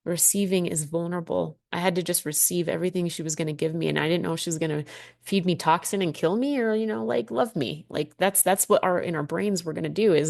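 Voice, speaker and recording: A woman's voice: lowish voice, brisk, vocal fry, darkish tone, no echo, clean studio sound. A woman in her thirties hosting a personal podcast monologue, candid and heartfelt, swearing freely as she reflects. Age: 30s. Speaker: podcast host.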